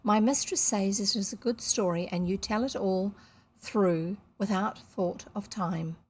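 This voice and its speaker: A woman voicing a polite, smiling male interpreter who speaks slow, halting broken English with a put-on foreign accent. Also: mid-range voice, breathy edge. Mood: formal.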